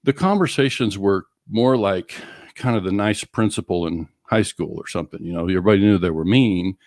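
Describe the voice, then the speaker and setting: Low-pitched and fairly quick, with a darkish tone, this middle-aged auto finance coach co-hosts a business podcast. He illustrates points with examples and acts out talks with customers, captured in a dry, clean studio recording.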